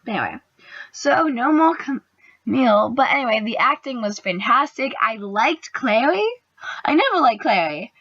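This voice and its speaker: A woman's voice: a little high, measured pace, no room sound. Gushing young woman fan reviewing. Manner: gushing, excitable, drops into whispers. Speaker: booktuber reviewing a TV episode. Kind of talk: casual video review. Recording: dry, dull lo-fi sound.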